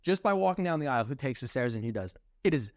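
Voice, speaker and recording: A man's voice: mid-range voice, quick pace, no room sound, clean studio sound. A young man co-hosting a podcast, chatting casually and venting with lots of swearing. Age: young adult. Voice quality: profane, animated venting. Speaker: podcast co-host. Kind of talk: casual chat.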